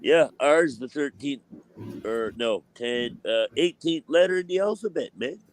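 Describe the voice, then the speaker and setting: A man's voice: mid-range voice, expressive, unhurried. An older man hosting a casual chat, teasing and ribbing the others with frequent laughs. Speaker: host.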